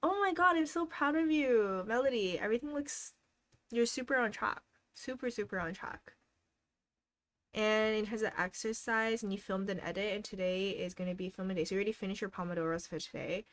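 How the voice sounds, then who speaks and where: A woman's voice: mid-range voice, fairly even intonation, a little fast. A young woman hosting a casual live stream, cheerfully encouraging viewers and reading out their goals with frequent giggles. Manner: giggles often between remarks. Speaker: livestream host.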